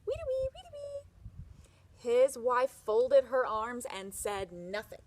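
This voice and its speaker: A woman reading a picture book aloud to children, expressive, with chatty asides. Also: fairly high pitch, slow pace.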